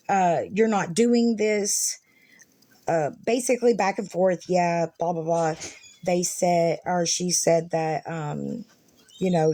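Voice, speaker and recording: Slow-talking woman vlogger, casual and profane. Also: fairly low pitch, dark tone. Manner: rambling, profane, many fillers. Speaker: vlogger reading messages aloud. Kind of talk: casual storytelling.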